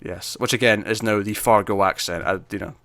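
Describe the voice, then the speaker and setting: A man's voice: on the low side, steady tone, a little fast, fairly bright tone, no room sound. A man co-hosting a movie discussion podcast, talking casually and rambling with lots of fillers and restarts. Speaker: co-host of a movie discussion show. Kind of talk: casual chat.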